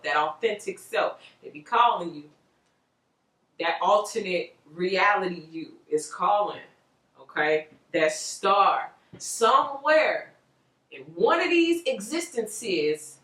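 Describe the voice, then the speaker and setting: A woman giving a casual tarot reading to viewers, animated and rambling, with frequent laughs. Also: fairly low pitch, recorded from a distance. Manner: animated, chatty, loose and rambling, laughs often. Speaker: tarot reader. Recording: roomy echo, voice off-mic.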